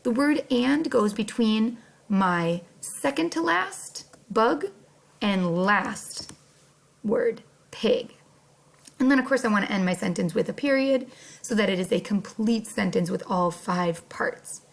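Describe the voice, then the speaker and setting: A young adult woman teaching a first grade class online, speaking slowly and clearly with playful emphasis. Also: mid-range voice, expressive.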